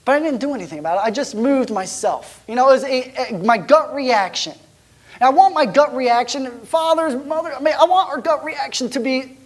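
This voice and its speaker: A man preaching a sermon as a pastor, telling a personal story in a conversational way, with frequent restarts, often dropping to hushed, near-whispered tones. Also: extremely high pitch, lively intonation, a little fast.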